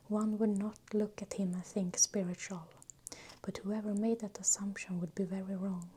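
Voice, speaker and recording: A woman reading a fantasy novel aloud close to a new microphone, in a soft, unhurried whispered role-play. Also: mid-range voice, a little hiss or hum. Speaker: ASMR reader.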